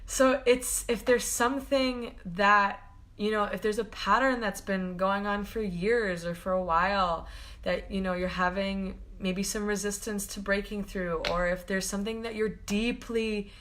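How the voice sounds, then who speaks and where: Woman, spiritual coach on a live stream: bright, vivid tone, effusive and affectionate, loose rambling delivery full of fillers. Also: medium pitch, steady tone, a little slow. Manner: gushing and affectionate, laughs often. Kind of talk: live-stream talk to viewers.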